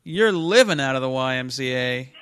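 A man's voice: mid-range voice, expressive, normal speed, a bit bright, clear, resonant tone. A man co-hosting a podcast, rambling through comic stories in casual chat. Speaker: podcast co-host.

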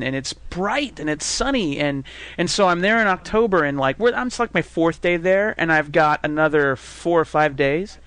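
A man with a fairly high voice tells comic stories on a podcast and keeps slipping into other people's voices. The sound is dry and close, with no room tone. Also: smooth, dry recording. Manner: animated storyteller who acts out other people's voices. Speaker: podcast host. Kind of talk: casual comedic chat.

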